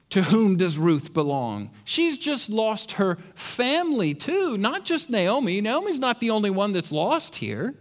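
A man preaching a sermon, with rhetorical questions and dry sarcastic asides. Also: high-pitched. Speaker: pastor.

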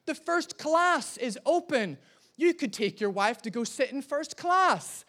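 A man's voice: extremely high pitch, expressive, unhurried, bright, forceful tone, pitched above the performer's own voice, full character voice. A man voicing a pushy, meddling stranger on a train in a raised voice. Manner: insistent, interfering.

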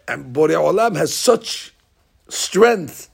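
Man, Torah teacher, gravelly, husky, fairly high voice, lively storytelling. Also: measured pace. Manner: animated storyteller, acting out lines with rising shouts. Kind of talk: Talmud class storytelling.

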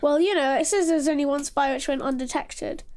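A woman's voice: high voice, fairly quick, a little mellow. A woman co-hosting a casual podcast, answering questions in a playful, jokey way. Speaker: podcast co-host.

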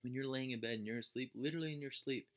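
A man's voice: mid-range voice, rapid-fire, fairly bright tone, pitched above the performer's own voice, lightly acted. A man quoting his annoyed wife as she accuses him of cuddling too hard in his sleep, in a voice that stays close to his own. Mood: exasperated. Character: annoyed wife complaining about her husband.

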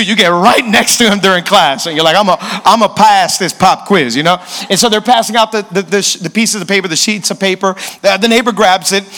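A young male pastor in his twenties, preaching with energetic storytelling and repeated questions to the crowd. His voice sits very high for a man and rings bright and forceful. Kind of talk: sermon.

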